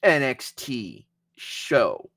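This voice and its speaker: A man co-hosting a wrestling podcast in casual chat, excitable and often stammering through restarts. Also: medium pitch, drawn-out words, gravelly, dry recording, clean studio sound. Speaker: podcast co-host.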